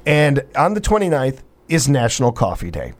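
A male morning radio host in the studio, talking in an easygoing, chatty way. His pitch sits in the middle range. He breaks off sentences and restarts them often, and sometimes clears his throat. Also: huge pitch swings, moderate pace. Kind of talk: casual radio banter.

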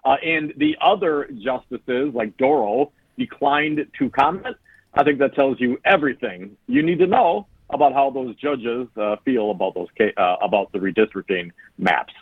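A man hosting a casual talk radio show, relaxed and easygoing as he chats. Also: mid-range voice, moderate pace, no echo, narrow, tinny audio.

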